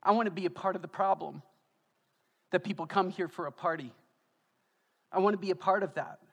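A man preaching as the pastor of a church, emotional and tearful, building to loud, fervent delivery. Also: high-pitched, a little fast, creaky, husky. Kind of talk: sermon. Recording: long church hall reverb.

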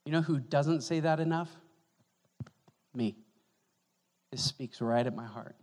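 A male pastor giving an animated, conversational sermon in a church, joking with the congregation. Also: mid-range voice, a little slow. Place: church sanctuary. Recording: echoey church hall.

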